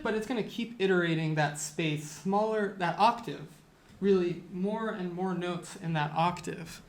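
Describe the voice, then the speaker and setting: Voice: medium pitch, normal speed. Chatty teacher in a loose lecture. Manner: loose and chatty, with frequent fillers and self-corrections. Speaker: music teacher. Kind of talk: casual lecture.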